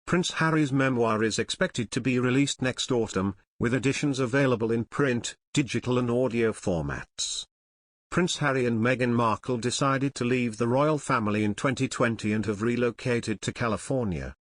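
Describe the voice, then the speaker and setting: A man narrating a scripted news piece in an even, read-aloud manner. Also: medium pitch, moderate pace, no echo, clean studio sound.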